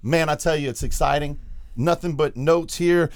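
Heard in a dry, clean studio recording, this podcast host has a voice on the high side and speaks at normal speed. He spins an animated story in casual chat, performing each quote along the way.

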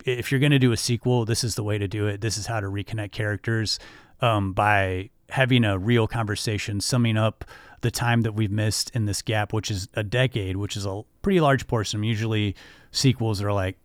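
Low-voiced rambling male podcast host. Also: steady tone, a little fast, no room sound. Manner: enthusiastic, rambling with fillers. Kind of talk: film discussion podcast.

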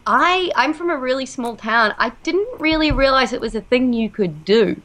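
A woman's voice: sits high, expressive, moderate pace, fairly bright tone, poor audio. A woman with an Australian accent, a guest actress telling stories in a casual, laughing podcast interview. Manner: chatty, laughs easily, storytelling.

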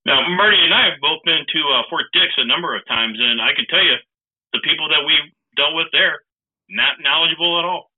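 A man's voice: on the high side, a little fast, husky. A man co-hosting a podcast in casual chat, playfully needling the others. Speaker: podcast co-host. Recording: tinny phone-like remote line.

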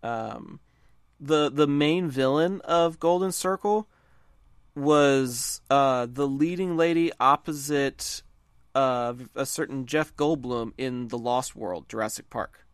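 A man's voice: mid-range voice, slow pace, clear, resonant tone, no room sound. A man from the American South talks movies as a podcast co-host, rambling eagerly and doubling back on his words. His voice sits mid-range and sounds close and dry, with no room around it. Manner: rambling, enthusiastic, restarts phrases. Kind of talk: casual movie chat.

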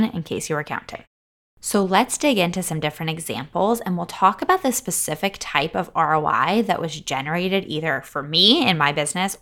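Chatty woman hosting a podcast, low voice. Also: fairly bright tone. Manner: upbeat, chatty, reads off lists; openly emotional, laughs easily. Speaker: podcast host. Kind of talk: solo podcast monologue.

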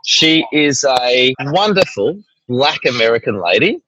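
Husky Australian man, lively rambling talk. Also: medium pitch, a little slow, dull audio. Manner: rambling, tags with "right?". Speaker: guest. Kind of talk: casual interview chat.

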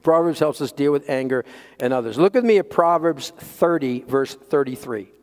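A man preaching a sermon as pastor, emphatic, swinging between loud peaks and quiet low lines. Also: normal speed. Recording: long hall reverb.

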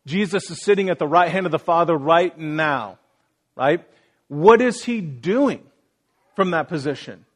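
A man's voice: a little high, expressive, measured pace. A man preaching a sermon as pastor, earnest, reading scripture aloud and putting direct questions to his listeners. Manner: earnest preaching, acting out quoted voices and asking the congregation questions.

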